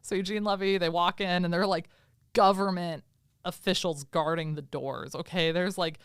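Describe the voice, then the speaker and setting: Woman podcast co-host, casual recap. Smooth, clear tone, dry close-mic sound. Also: lowish voice, moderate pace, no room sound. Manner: animated storytelling, acting out characters' lines. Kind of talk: casual chat, movie recap.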